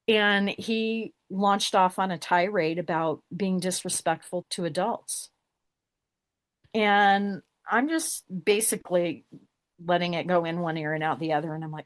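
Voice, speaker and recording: A woman's voice: mid-range voice, fairly even intonation, measured pace, dry recording, clean studio sound. A middle-aged woman telling a personal story as a podcast guest, acting out the exchanges she recounts.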